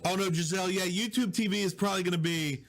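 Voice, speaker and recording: A man from Southwest Louisiana, hosting a casual live stream from his home office, chatting with viewers and reading their comments, on a quiet, low-volume mic. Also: fast talker. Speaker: digital host. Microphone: low-volume mic with problems.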